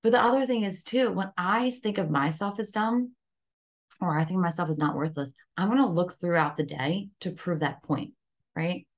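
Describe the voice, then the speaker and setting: A woman's voice: fairly low pitch, normal speed. A woman guest on a podcast, talking casually about self-care and often asking "right?" as she goes. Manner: conversational, frequent "like" and "right?" fillers. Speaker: podcast guest, wellness coach.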